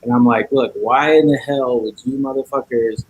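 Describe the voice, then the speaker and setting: A man's voice: mid-range voice, fairly even intonation, normal speed, hardly any pauses, breathy edge, rough recording. A man guest on a podcast, telling a story in casual chat, acting out each side of the dialogue and cursing a lot.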